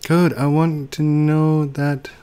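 A man putting on a squeaky gushing kid fan. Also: level tone, slow, warm tone, clean tone. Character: eager young kid fan, gushing and sweet.

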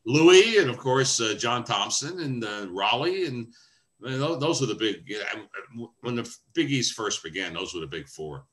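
Wry older male sportscaster, bright voice. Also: medium pitch, normal speed. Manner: wry, animated storyteller. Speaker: veteran sportscaster guest. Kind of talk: anecdotal storytelling. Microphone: video call.

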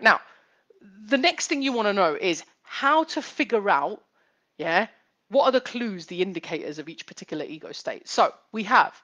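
A woman psychotherapist talks to viewers in a live-streamed teaching session. She speaks at a middle pitch, in an explanatory way, and she often repeats key points and asks rhetorical questions. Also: fairly bright tone. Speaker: psychotherapist hosting a live chat.

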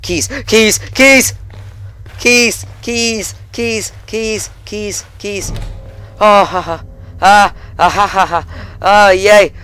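A man hosting a gaming channel, giving excitable let's-play commentary and yelping and shouting at the game. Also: sits high, extremely slow.

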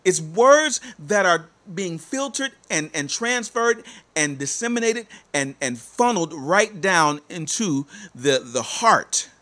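Emphatic preaching man with a lively voice. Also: fairly high pitch, slow. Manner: emphatic, repetitive, exhorting. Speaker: life coach. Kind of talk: motivational preaching.

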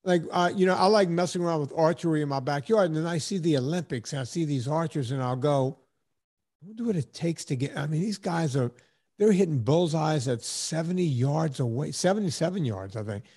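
A man's voice: fairly high pitch, brisk, a little mellow. A man in his fifties hosting a podcast, telling stories in a rambling, casual way and acting out the voices of people he quotes. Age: 50s. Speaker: podcast host. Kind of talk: casual storytelling chat.

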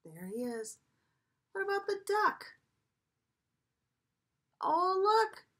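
Animated, high-voiced woman reading to preschoolers. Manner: animated, slow, coaxing questions to children, drops to a whisper at times. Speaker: preschool teacher. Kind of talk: reading a picture book aloud to young children.

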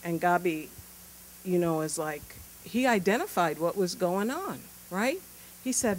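Lively woman telling stories in a conference talk. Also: lowish voice, measured pace, a little hiss or hum, rough recording. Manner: animated, casual, lively anecdotes with fillers. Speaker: pediatrician giving a conference speech. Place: conference room.

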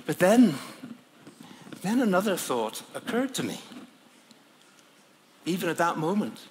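Man preaching a story-sermon in first person, slow and kinda high, lots of ums, big echoey hall. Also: sing-song, darkish tone, a little hiss or hum. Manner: hesitant, searching for words, with frequent fillers and laughs. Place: large conference hall.

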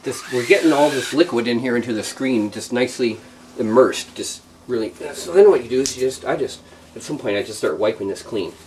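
A man's voice: medium pitch, animated, a little fast, darkish tone, a little hiss or hum. A man hosting a how-to show, demonstrating by hand in an indoor workshop with a rambling, joking, self-deprecating manner. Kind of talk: casual hands-on demonstration.

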